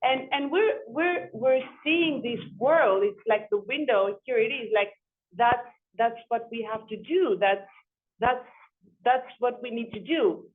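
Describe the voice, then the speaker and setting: A woman architect telling a story in an interview, animated, often repeating and restarting her words. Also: on the high side, unhurried. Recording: tinny phone-like sound.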